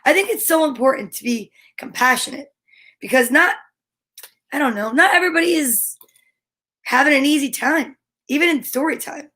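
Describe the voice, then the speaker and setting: High-voiced bubbly woman hosting kids' story time. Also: moderate pace, pauses often. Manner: bubbly, animated, chatty. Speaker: host of a children's story-time show. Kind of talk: cheerful chat to kids at home.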